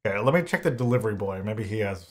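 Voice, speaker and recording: Lively-pitched man narrating a farm game. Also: very fast. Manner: chatty, exclaims at glitches, talks to game characters. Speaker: gaming channel host. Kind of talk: casual let's-play commentary.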